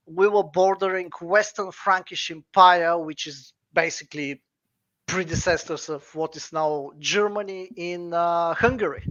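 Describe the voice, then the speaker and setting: A man from Bulgaria with a Bulgarian accent, a non-native English speaker, talking as a podcast guest in casual conversation and pausing often with fillers and restarts. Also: sits high, sharp tone, dull audio. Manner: hesitant, many filler pauses and restarts.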